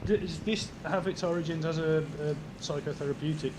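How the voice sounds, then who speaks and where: Male musician guest, dry wit, thoughtful restarts, handheld mic outdoors with clear traffic noise. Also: a little high, fairly even intonation, fairly quick. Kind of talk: casual interview chat. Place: outdoors in the cold. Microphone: handheld microphone.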